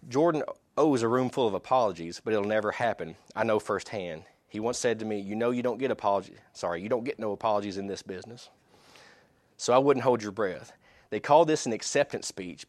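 Guy with a lowish voice reading articles out loud to a crowd, stops for asides, dry close sound. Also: no room sound. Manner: reads quotes aloud with asides and restarts. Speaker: speaker reading articles to an audience. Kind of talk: sermon-like talk reading aloud from articles.

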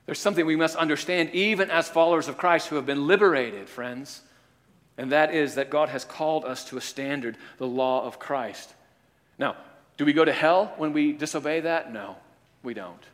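Preacher with lively acted-out storytelling. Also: male voice, medium pitch, in a large hall. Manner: acts out parable voices, shifting loud and soft. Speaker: pastor. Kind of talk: sermon.

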